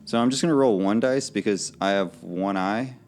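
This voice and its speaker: A man's voice: lowish voice, normal speed, slight background noise. A man playing a tabletop game, speaking hesitantly with lots of fillers. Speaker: player. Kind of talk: casual game banter.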